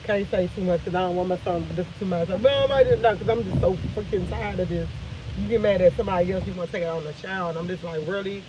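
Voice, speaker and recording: A woman's voice: on the low side, steady tone, quick pace, dull audio, background noise. A tired woman host on a casual live stream, venting with emphatic repetition and swearing.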